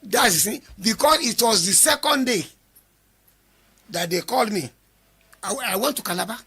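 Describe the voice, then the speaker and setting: A man gives an interview, recounting events by quoting his own exchanges and insisting on his side. His voice sits high and bright, with a gravelly, husky edge. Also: expressive, moderate pace. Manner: quotes himself and others in dialogue, insistent denials. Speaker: interview guest. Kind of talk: recounting a story in conversation.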